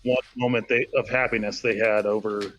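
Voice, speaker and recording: A man co-hosting a podcast, chatting casually and slowly, thinking aloud with many fillers. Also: on the low side, little pitch movement, fairly bright tone, highs cut off, slight background noise. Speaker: podcast co-host. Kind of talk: casual chat.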